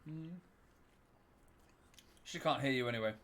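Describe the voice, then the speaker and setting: Bright, animated man on a headset. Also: mid-range voice, a little slow. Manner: animated storytelling, swears freely. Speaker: streamer. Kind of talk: casual voice-chat banter.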